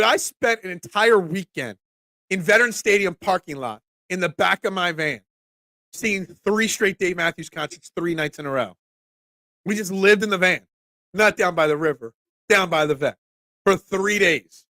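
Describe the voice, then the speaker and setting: A congested man in his forties hosts a casual sports talk stream, his high, bright voice cracking now and then. He rambles loosely as he answers chat comments, on a dry, close mic. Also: measured pace, pauses often, no echo. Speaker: sports talk show host.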